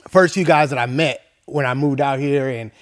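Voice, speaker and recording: A man hosting a podcast, chatting in a relaxed, friendly way and using casual slang. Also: medium pitch, normal speed, no echo, studio quality. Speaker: podcast host. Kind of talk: casual interview chat.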